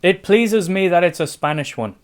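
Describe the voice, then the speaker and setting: A man's voice: high-pitched, lively intonation, normal speed. A man co-hosting a casual home award show, playful and theatrical in his delivery. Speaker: co-host.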